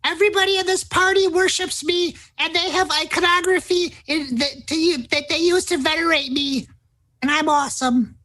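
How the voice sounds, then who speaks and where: A man's voice: very high voice, fairly even intonation, normal speed, bright, forceful tone, low-quality recording. A man voicing a boastful kobold who claims to be the son of a god. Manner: grandiose, self-satisfied. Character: boastful male kobold claiming divine birth.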